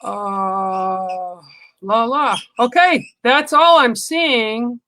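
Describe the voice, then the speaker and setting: A woman doing spiritual card readings on a livestream, talking slowly with many ums and pauses. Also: a little high, pushed and bright, no echo, rough recording. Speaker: livestream psychic reader.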